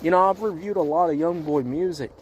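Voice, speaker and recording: A man's voice: fairly high pitch, a little fast, dull audio, slight background noise. A man giving a blunt, exasperated music review outdoors in the cold, swearing often and rambling with fillers. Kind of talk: casual profane music review.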